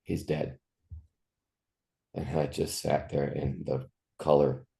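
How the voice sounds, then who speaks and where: A man's voice: very deep voice, little pitch movement, unhurried, vocal fry, dark tone. A man in his fifties, a musician telling personal stories in an interview, speaking in a raw, profane and heartfelt way. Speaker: musician guest. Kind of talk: candid interview storytelling.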